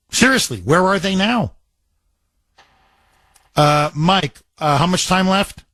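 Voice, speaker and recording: A man's voice: a little high, a bit bright, no echo. A man hosting a talk radio show, emphatic and repetitive, piling up phrases into a studio mic.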